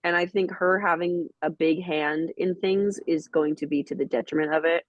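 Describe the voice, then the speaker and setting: Blunt, animated podcast co-host. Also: mid-range voice, dry recording, narrow, tinny audio. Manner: animated, blunt, rapid storytelling with quoted asides. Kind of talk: casual podcast chat.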